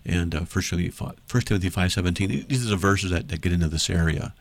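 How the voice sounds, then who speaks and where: A man's voice: low-pitched, fast. A man hosting a Christian call-in radio show, talking emphatically and in a preachy way, his voice climbing sharply when he argues.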